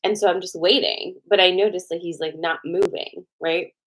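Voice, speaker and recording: Animated woman telling a story, lowish voice. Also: moderate pace. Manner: animated, swearing, many "like" fillers. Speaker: host. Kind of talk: casual storytelling to viewers.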